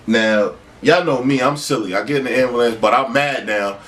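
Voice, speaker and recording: A man telling a street story in casual talk, acting out other people's lines in a high voice. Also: normal speed, a bit bright. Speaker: storyteller on a podcast. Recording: far from the mic, faint noise.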